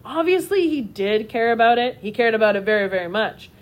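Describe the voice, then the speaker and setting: A woman narrating a children's storybook in a steady, expressive reading voice. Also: on the high side, a little fast.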